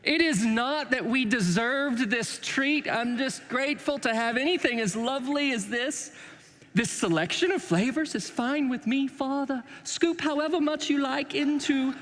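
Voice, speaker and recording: A man's voice: extremely high pitch, measured pace, fairly bright tone, big-room sound, pitched above the performer's own voice. A man putting on a prim, posh British child. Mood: prim, gushing. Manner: prim, exaggerated courtesy. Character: overly polite, posh little child thanking a parent.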